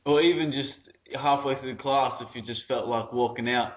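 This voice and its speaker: A man's voice: mid-range voice, normal speed. A man on a panel discussion, speaking in a conversational, questioning way. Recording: tinny phone-like audio.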